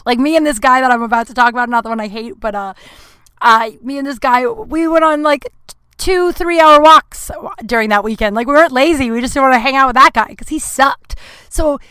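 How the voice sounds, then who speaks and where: A woman's voice: high voice, a little fast, bright, forceful tone, clear, resonant tone, dry recording. Rambling, frank podcast host woman. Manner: rambling, frank, with lots of fillers and swearing. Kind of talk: casual solo podcast storytelling.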